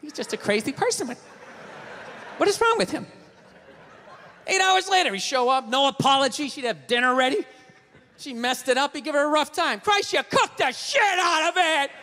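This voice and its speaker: A man's voice: very high voice, animated, moderate pace, pauses often, pushed and bright, big-room sound, a little hiss or hum. A man doing stand-up comedy on a stage, ranting profanely with rhetorical asides.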